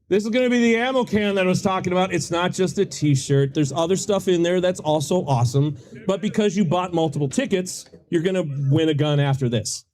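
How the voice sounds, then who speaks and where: A man's voice: sits high, a little mellow. A middle-aged man with a Midwestern American accent, emceeing a convention raffle on a handheld mic with self-mocking, joking banter. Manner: self-mocking, playful announcer. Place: convention hall.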